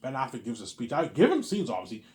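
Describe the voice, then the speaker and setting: A man's voice: mid-range voice, huge pitch swings, fast talker, a little mellow. A man telling a long story casually, rambling, stammering and repeating filler tags.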